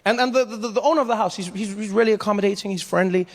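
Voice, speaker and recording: A male stand-up comedian telling a story in an animated way, acting out the other people in it. His voice sits high for a man. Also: rapid-fire, long reverb tail. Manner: animated storytelling with acted-out quotes.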